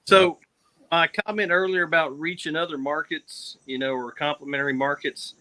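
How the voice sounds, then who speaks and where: A man's voice: on the high side, steady tone, moderate pace, bright, forceful tone, rough recording. A man on a fishing podcast speaking casually, hesitant and full of fillers. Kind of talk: casual chat.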